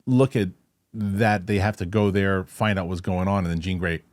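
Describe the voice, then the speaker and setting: A man's voice: low voice, steady tone, normal speed, no room sound. A man hosting a casual film review chat, rambling with restarts and acting out movie lines. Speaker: host.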